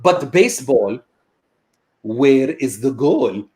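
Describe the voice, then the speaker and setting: A man performing a stand-up comedy set online, telling animated stories and mimicking his immigrant father. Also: mid-range voice, slow. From United States. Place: virtual event, video call.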